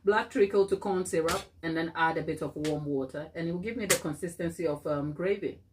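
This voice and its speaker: A woman's voice: low-pitched, fairly quick, slight background noise. A woman hosting a casual baking live stream, thinking aloud as she works, reading viewer comments and laughing often. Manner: thinks aloud while working.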